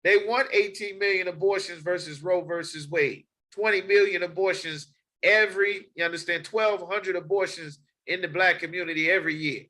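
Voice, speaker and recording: A man's voice: sits high, fairly even intonation, normal speed, bright, forceful tone, rough recording. A man preaching a sermon, reading scripture aloud and repeating his points emphatically. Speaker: street preacher.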